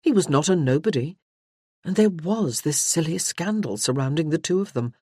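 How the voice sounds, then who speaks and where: A woman narrating a historical romance audiobook in a measured, expressive reading. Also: low voice, slightly rough, no room sound, studio quality. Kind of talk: scripted narration.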